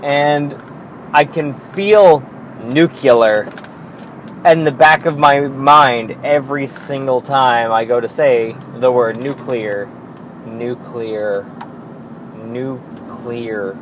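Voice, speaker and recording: A man hosting his own podcast alone, rambling in a casual, self-deprecating way with lots of fillers and the odd swear word. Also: medium pitch. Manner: slow and drawn-out. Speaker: podcast host. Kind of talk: casual solo podcast monologue. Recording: noisy background hiss.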